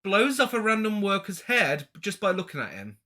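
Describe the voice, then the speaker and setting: A man's voice: high voice, sing-song, normal speed, sharp tone. A man co-hosting a podcast, recapping a film's plot with frequent laughs and dry asides. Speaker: podcast co-host. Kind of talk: casual film review chat.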